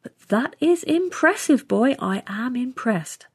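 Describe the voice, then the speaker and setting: A woman reading a storybook voices a brash, crude, competitive young woman astronaut trainee who talks loudly and swears. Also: high-pitched, lively intonation, unhurried, slightly rough, pitched above the performer's own voice, heavily acted. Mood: mocking. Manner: loud, swaggering, swearing.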